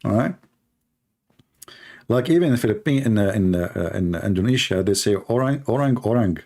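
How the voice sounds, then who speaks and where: Animated man acting out little dialogues. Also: normal speed. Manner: animated, acts out dialogues in higher voices. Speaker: commentator. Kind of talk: casual talk to camera.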